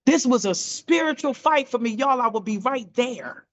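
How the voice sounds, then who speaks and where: A woman telling an animated testimony on a video call, acting out quoted voices with big jumps in pitch. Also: normal speed. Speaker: team member sharing a testimony.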